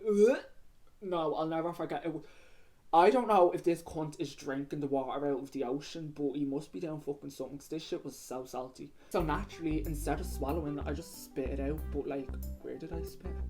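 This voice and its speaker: A woman's voice: deep voice, darkish tone. A young woman from North Dublin with a Dublin accent, casually telling crude, slangy stories on her vlog. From North Dublin, Ireland. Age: young adult. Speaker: YouTuber. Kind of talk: casual storytelling, reading out viewer stories. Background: music playing.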